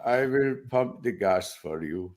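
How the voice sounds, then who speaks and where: Guy doing a polite indian-accent clerk, slow and careful, kinda low. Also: lively intonation, a little mellow. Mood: courteous. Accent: Indian, put on. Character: polite male gas-station clerk.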